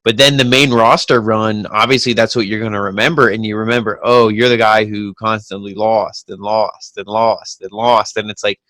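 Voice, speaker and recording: A man's voice: lowish voice, level tone, normal speed, few pauses, fairly bright tone, no echo. A man co-hosting a wrestling podcast in casual chat, blunt and laid-back with casual swearing.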